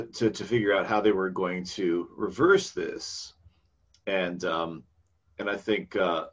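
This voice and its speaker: A man's voice: low voice, breathy edge, muffled recording. A man co-hosting a podcast, recapping a game session in casual, rambling chat that trails off into fillers.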